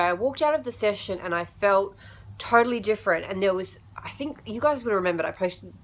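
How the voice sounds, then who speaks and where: A woman's voice: fairly low pitch, a bit bright. A young woman, talking to her camera in a personal vlog, chatty and emotional and often jumping between thoughts. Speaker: vlogger.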